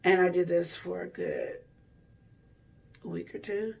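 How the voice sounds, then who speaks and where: A woman's voice: fairly low pitch, huge pitch swings, takes it slowly, gravelly, a little mellow, far from the mic. A woman vlogger telling a personal story to camera in a rambling, self-correcting way.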